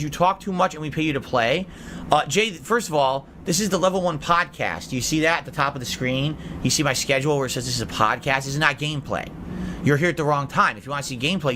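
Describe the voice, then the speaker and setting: A male streamer hosts his podcast live and chats casually with viewers. His voice sits a bit high and swings widely in pitch, and he answers comments bluntly and sarcastically. A faint hiss of noise sits under the recording. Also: a bit bright.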